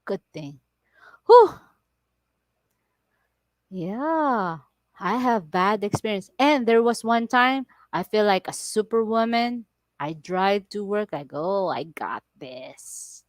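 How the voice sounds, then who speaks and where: A woman with a Filipino accent chats to her livestream viewers in unhurried, drawn-out phrases. Her English is broken but lively, and her storytelling is animated and full of laughter. The sound is dry and close, with no room around it. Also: medium pitch, no echo. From Philippines. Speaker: vlogger on a livestream. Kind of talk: casual livestream chat.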